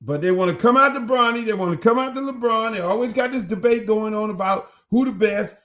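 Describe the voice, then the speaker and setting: An older man hosting a profane, animated commentary monologue, acting out other people's voices as he tells the story. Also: high voice, a little fast. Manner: animated, acts out others' voices, heavy cursing. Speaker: host.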